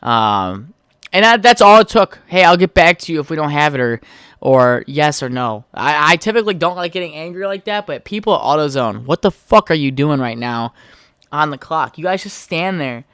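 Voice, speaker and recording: Young man, solo podcast host, swearing a lot, smooth clear voice, dry close sound, a bit high. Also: animated, moderate pace, a bit bright, no room sound. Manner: profane, heated storytelling, trails off while texting. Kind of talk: casual solo podcast rant.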